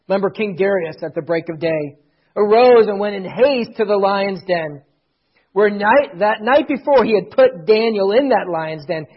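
A man's voice: high-pitched, normal speed, husky, muffled recording. A man preaching a sermon, reading scripture aloud with rising and falling intensity. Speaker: pastor.

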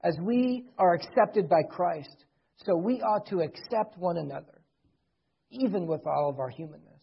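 A middle-aged man preaching a sermon as pastor, earnestly, swelling loud and then dropping soft. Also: high voice, lively intonation, moderate pace, creaky, husky. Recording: dull lo-fi recording.

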